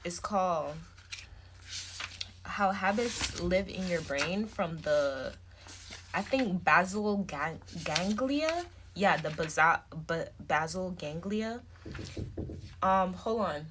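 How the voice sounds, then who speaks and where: A woman's voice: fairly low pitch, animated, slow, long pauses, noisy background. A woman vlogger talking casually to her phone camera, rambling with many fillers and restarts.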